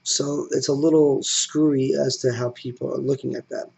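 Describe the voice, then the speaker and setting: Hoarse man with a cold, gravelly. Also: mid-range voice, little pitch movement, darkish tone, poor audio. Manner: measured, explanatory, with fillers and restarts. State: getting over a cold. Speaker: commentary host. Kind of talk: solo economic commentary.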